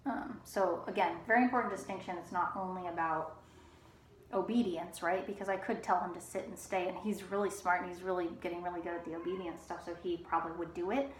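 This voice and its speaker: Soft-spoken woman training a dog. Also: fairly low pitch, fast. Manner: calm, soft-spoken, drops to whispers when praising the dog. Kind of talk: casual instructional talk while training a dog. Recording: echoey room with faint ambient noise.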